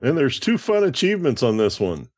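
A man's voice: mid-range voice, sing-song, brisk, a little mellow, no echo. Male co-host, plain explainer tone, dry sound. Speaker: game podcast co-host. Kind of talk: casual gameplay commentary.

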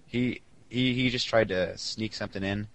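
A young man with a slightly low voice chatting on a casual podcast. He rambles, giggles a lot and reads listener messages aloud through a headset. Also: fairly even intonation, normal speed, a bit bright, low-quality recording. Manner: giggly, rambling, laughs often. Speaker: podcast co-host. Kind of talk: casual podcast chat, reading listener mail.

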